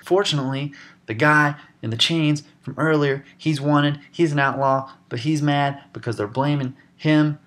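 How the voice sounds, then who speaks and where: A man with a bright, punchy voice recaps a film for a comedy vlog. He rambles along excitedly and keeps slipping into quick acted-out quotes from the characters. His delivery stays forceful and chatty throughout. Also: a little high. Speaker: comedy movie reviewer.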